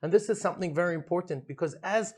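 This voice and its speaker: A man's voice: high voice, fast talker, darkish tone, husky. A man, a rabbi and community leader, answering interview questions in a studio with earnest enthusiasm, often restarting his phrases.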